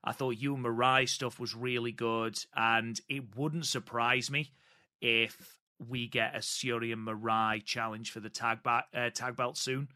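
Bright-voiced man reviewing matches. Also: medium pitch, level tone. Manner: hesitant, many ums, measured opinions. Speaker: podcast co-host. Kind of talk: casual podcast review chat.

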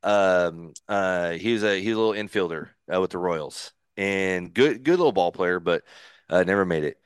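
Lively storytelling man, low voice. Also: moderate pace, smooth, dry recording, clean studio sound. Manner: animated, laughs while telling stories. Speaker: former pro pitcher, guest. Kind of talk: casual storytelling.

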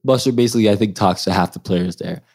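A man's voice: lowish voice, fast talker, creaky, darkish tone. A man in his twenties, a guest on the show, telling a story in casual chat and acting out the voices of the people in it.

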